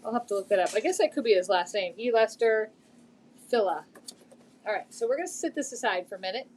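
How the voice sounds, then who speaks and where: A woman's voice: a little high, animated, fast talker, darkish tone. A middle-aged woman chatting casually on a live stream about a thrift find, rambling a little with lots of fillers.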